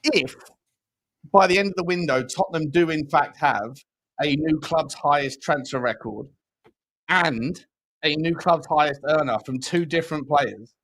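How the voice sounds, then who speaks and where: Excitable man talking football. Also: fairly high pitch, unhurried, low-quality recording. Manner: excitable banter, slangy. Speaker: host. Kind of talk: casual football podcast chat.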